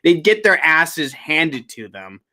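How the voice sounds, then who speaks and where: A man's voice: on the high side, very animated, takes it slowly, pushed and bright. A man co-hosting a casual political podcast, talking in a sarcastic, profane way. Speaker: podcast co-host.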